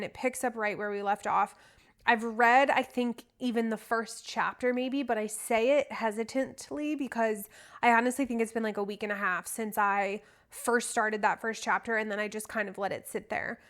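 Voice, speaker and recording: A woman's voice: fairly high pitch, a bit bright. A young adult woman hosting a book podcast, talking casually and candidly, a little rambling. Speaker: podcast host. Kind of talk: casual solo podcast chat.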